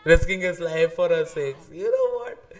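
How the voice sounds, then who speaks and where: A man in casual live-stream reaction commentary, excitable and swearing freely, often restarting his sentences. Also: fairly high pitch, measured pace, recorded from a distance. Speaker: streamer ranking anime arcs.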